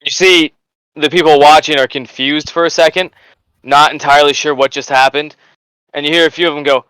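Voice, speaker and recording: Brief: male game master, slightly high, smooth voice, dry close sound, chatty narration. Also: brisk, no echo, low-quality recording. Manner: lively storytelling with frequent fillers and laughs.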